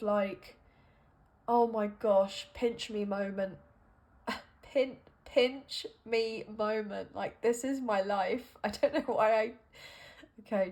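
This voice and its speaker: A woman with a fairly high voice talks her way through a tarot reading at an unhurried pace. She muses and hesitates as she thinks aloud, leaning on fillers as the ideas come to her. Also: darkish tone. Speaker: tarot card reader. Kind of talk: intuitive tarot reading monologue.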